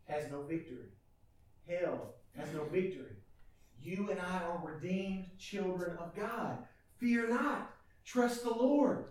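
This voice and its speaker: A man preaching a sermon as pastor, animated and calling out questions to his congregation. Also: sits high. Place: church hall. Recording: echoey church room, mic from a distance.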